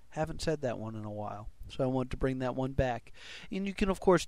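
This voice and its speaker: Mellow-voiced man hosting a comedy podcast. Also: medium pitch, dry recording. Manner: jokey, rambling, self-correcting. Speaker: podcast host. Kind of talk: casual comedy podcast chat with plugs. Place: live show with audience.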